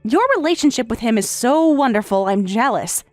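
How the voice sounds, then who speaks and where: A synthetic woman's voice, a little high and animated, reads a text-to-speech story at a moderate pace in a lightly acted way. As a weary young wife, she answers back defiantly with firm, pointed replies; there's no room sound and faint music behind.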